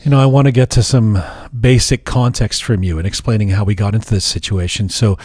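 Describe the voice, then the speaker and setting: A man hosting a podcast interview, reading a measured introduction and then asking questions in an earnest way, with some restarts. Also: lowish voice, fairly even intonation, darkish tone, a little hiss or hum. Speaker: podcast host.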